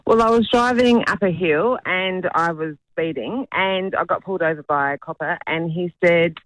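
Cheerful male caller, slightly higher voice. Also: moderate pace, a bit bright, dry recording, poor audio. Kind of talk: phone-in anecdote.

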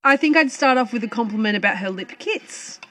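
A woman's voice: fairly high pitch, lively intonation, fairly quick, crowd noise. Australian woman producer in casual radio banter. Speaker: junior producer.

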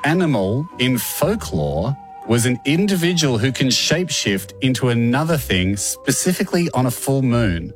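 A man hosting a podcast, telling stories in an animated way and laughing often. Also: mid-range voice, normal speed, faint music behind. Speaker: podcast host. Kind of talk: casual podcast chat.

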